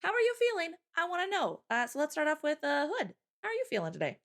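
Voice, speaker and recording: A woman hosting a live stream, chatting casually, loud and laughing often. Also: high-pitched, huge pitch swings, fast. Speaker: streamer host.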